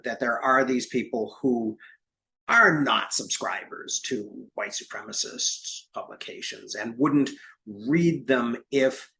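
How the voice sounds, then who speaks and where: A man hosting a book club discussion, talking in a rambling, halting way with many restarts. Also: mid-range voice, a bit bright, rough recording. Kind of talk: casual discussion.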